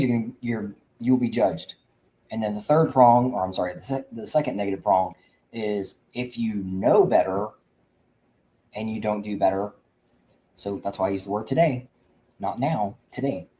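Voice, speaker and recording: Hosting a livestream aimed at veterans, an Indiana man preaches fervently, rambling with frequent restarts. His fairly low voice is warm and unhurried. The recording is low quality.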